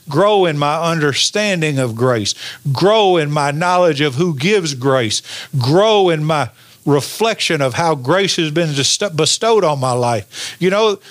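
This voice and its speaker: A man's voice: a little high, no room sound. A male pastor preaching a sermon, stretching out key phrases and asking the congregation for an "amen". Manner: preaches with call-and-response, draws out key lines slowly.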